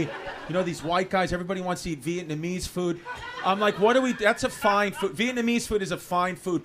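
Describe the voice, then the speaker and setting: A man from New doing a stand-up comedy set, ranting in an animated, exasperated way on a club stage into a handheld mic. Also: sits high. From New York City. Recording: live club recording with room noise.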